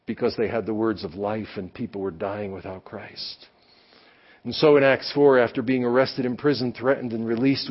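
A man's voice: mid-range voice, lo-fi sound. A man, a pastor, preaching a sermon to his congregation in a folksy, earnest way. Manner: folksy, earnest, acts out quotes. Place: church, before a congregation.

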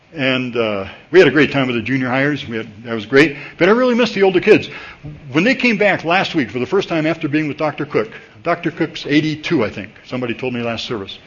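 A man preaching a sermon at a church service, talking to the congregation in a conversational, animated way and jumping up in pitch when he gets excited. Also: slightly rough. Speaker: pastor. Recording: dull lo-fi recording.

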